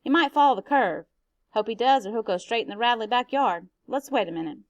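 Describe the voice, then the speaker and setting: A woman's voice: fairly high pitch, animated, fairly quick, no room sound, close to an everyday voice. A woman reading a novel aloud, voicing a laconic middle-aged sheriff in a matter-of-fact drawl.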